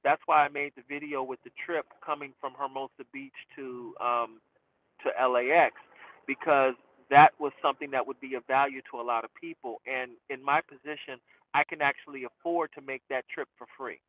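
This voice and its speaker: A man's voice: mid-range voice, fairly even intonation, moderate pace, no room sound. A man who hosts a rideshare channel, chatting casually to camera and answering viewer questions in a self-amused way, trailing off with fillers. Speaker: rideshare driver and channel host. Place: inside a car. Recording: dry, tinny phone-like sound.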